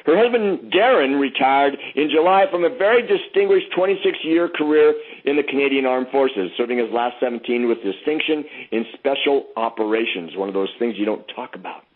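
A man's voice: mid-range voice, expressive, fairly quick, hardly any pauses, slightly rough. A man hosting a conference call, introducing a guest with effusive praise and frequent restarts. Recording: phone-line conference call.

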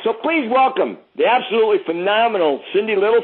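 A man's voice: sits high, expressive, fast, hardly any pauses, slightly rough. A man hosting a conference call, introducing a guest with effusive praise and frequent restarts. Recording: phone-line conference call.

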